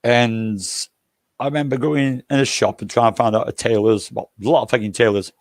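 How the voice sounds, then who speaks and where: An older man talks in a gravelly, mid-pitched voice, spinning loose, jokey travel stories peppered with swearing. The sound is dry and close, with no room behind him. He rambles casually, circling back on his own points. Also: steady tone, fairly quick, no room sound. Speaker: livestream host.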